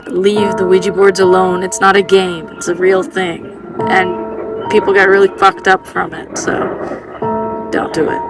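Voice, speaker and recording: Woman, monotone, blunt and sweary advice, clear music bed. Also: medium pitch. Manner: blunt, swears, repeats warnings. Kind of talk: casual advice to camera.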